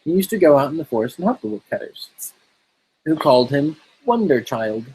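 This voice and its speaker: A man casually reading a fairy tale aloud in a relaxed, steady way. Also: a little high, fairly quick, slightly rough, poor audio. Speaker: storyteller.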